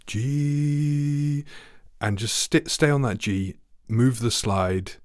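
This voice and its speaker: A man with a deep, low voice gives a friendly online trombone lesson. He talks straight to the viewer and keeps asking questions. The sound is close and dry, with no room echo. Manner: friendly, asks the viewer questions, sings notes. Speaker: trombone teacher.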